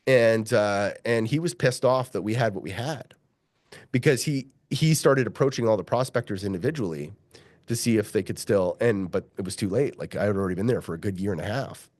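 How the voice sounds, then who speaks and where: A man's voice: on the low side, fairly quick, dry recording, studio quality. A middle-aged man, a mining geologist, telling a long story in an interview, swearing freely and acting out the voices of the people he quotes. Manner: profane, animated, acts out quoted voices.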